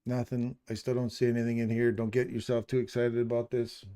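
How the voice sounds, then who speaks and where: A man's voice: mid-range voice, completely flat delivery, fairly quick, dark tone, smooth. A middle-aged man hosting a live stream, chatting casually in a jokey, rambling, self-deprecating way. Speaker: livestream host.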